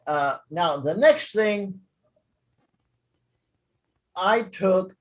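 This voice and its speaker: Chatty high-voiced man teaching a class. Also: low-quality recording. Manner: chatty, jokey, laughs at his own asides. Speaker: language class host. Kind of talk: casual teaching chat.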